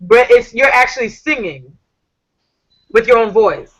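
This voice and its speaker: A woman hosts a live online chat in a bright, forceful voice. She talks with sass and animation, reading viewers' messages aloud. Her voice comes through a laptop or phone mic on a video call. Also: on the high side, expressive, measured pace, dull audio. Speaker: talk show host. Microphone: computer or phone on a video call.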